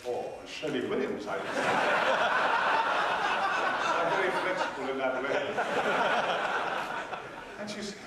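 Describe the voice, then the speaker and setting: A man's voice: on the high side, a bit bright. A man telling a humorous anecdote as a convention panel guest, in a wry, theatrical storytelling manner. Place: large convention hall. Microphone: far from the mic. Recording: distant, very echoey hall with noise.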